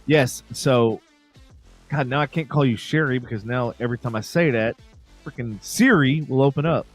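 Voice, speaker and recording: A man's voice: mid-range voice, moderate pace, soft background music. A man co-hosting a podcast, teasing and swearing in casual banter. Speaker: podcast co-host. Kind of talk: casual late-night chat.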